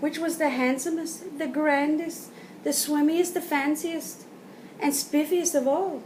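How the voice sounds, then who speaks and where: A woman reading a picture book aloud to children, pausing to point at pictures and explain words. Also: high voice, steady tone, darkish tone. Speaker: storyteller. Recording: roomy, from a distance, faint background noise.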